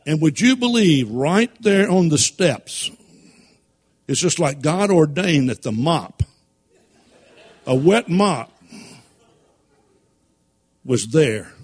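Animated storytelling preacher man. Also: fairly high pitch, slow pace, pauses often, slightly rough. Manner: animated, folksy storytelling, laughs at his own stories. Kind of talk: sermon storytelling.

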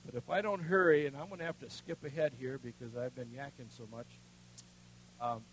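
An older man preaching, telling a personal story in a folksy way, dropping to a hush and then rising loud. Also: mid-range voice, steady tone, fairly quick, slight background noise, low-quality recording. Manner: folksy storytelling with strong swings between hushed and loud. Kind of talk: sermon with personal testimony.

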